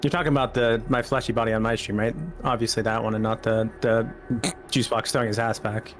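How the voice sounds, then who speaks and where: A man's voice: fairly low pitch, flat delivery, fast, soft background music. A young man joining a stream as a guest, trading goofy, crude banter.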